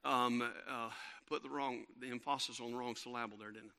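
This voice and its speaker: A middle-aged man, preaching a sermon and telling a lively family story with many fillers and restarts. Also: medium pitch, normal speed, gravelly. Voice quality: bright, animated storytelling with frequent fillers and restarts.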